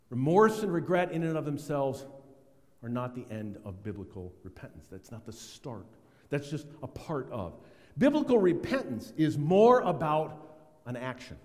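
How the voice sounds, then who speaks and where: A middle-aged man preaching a sermon, telling stories and acting out quotes in a lively way. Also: mid-range voice, brisk. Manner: animated storytelling, acts out quotes. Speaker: pastor. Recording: long hall reverb.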